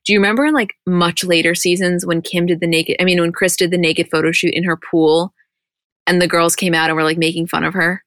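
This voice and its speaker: A woman's voice: lowish voice, flat delivery, a little fast, fairly bright tone, dry recording, clean studio sound. A woman co-hosting a casual recap podcast, chatty and rambling, acting out quotes and laughing often. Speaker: podcast co-host.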